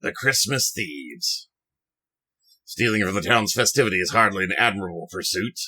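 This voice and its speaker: A man voicing a stern male bird spymaster, measured and dryly sardonic. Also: low voice, sharp tone, slightly rough, full character voice. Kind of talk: video game voice acting.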